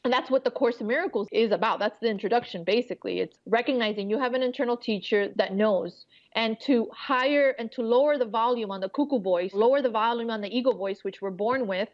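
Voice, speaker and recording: A woman's voice: fairly quick, few pauses. Earnest woman author, lo-fi line. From Miami area resident. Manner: earnest, spiritual, acts out inner voices with sudden high pitch. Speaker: author guest. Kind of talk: casual interview chat.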